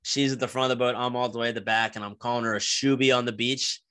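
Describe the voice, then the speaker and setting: A young man from New Jersey rambles through a crude, animated story on his podcast. His voice is bright and forceful, with plenty of swearing and false starts. It is recorded dry and close, with little room sound. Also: medium pitch, fast, no room sound. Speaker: podcast host. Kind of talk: casual storytelling monologue.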